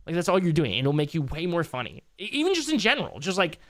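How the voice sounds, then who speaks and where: A young man streams late into a long session, his slightly high voice swinging hugely in pitch as he talks fast. The recording is dry, and his casual live-stream commentary rambles in a loose, tired way with occasional swearing.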